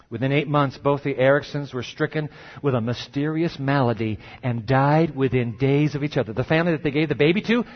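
A man preaching a sermon, telling a story dramatically and dropping his voice low and slow for emphasis. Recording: dull lo-fi recording.

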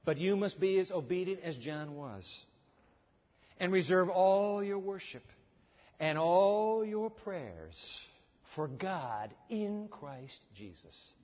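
Preacher with booming, hushed swings. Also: male voice. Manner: dramatic swings between booming and hushed delivery; asks the audience rhetorical questions. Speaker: pastor. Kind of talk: sermon. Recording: long hall reverb, dull sound.

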